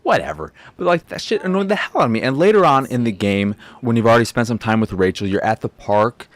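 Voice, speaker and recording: A man hosting a game review who rants in a sarcastic, profane and animated way. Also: mid-range voice, fast.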